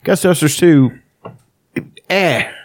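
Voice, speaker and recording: A man from West Virginia in casual chat, animated and cursing freely, laughing easily. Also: fairly high pitch, slight background noise. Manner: animated, swearing, quick laughs.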